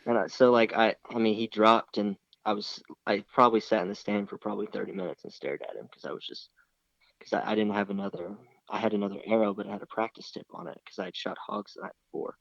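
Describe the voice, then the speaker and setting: Low-voiced young man rambling through a story. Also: quick pace, creaky, no echo. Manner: rambling, full of restarts and fillers. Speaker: interview guest, hunter. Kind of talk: casual storytelling. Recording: slightly dull, dry recording.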